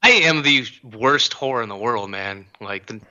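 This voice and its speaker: Bright-voiced, self-mocking male co-host. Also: mid-range voice, animated, measured pace, highs cut off. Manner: self-mocking, crude humor. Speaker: podcast co-host. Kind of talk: casual podcast banter.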